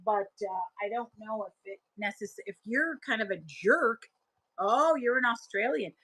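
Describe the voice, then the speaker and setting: A woman's voice: fairly high pitch, expressive, measured pace, a bit bright, husky, low-quality recording. A woman in her thirties hosting a live selling stream, chatting casually and laughing as she answers viewers' comments.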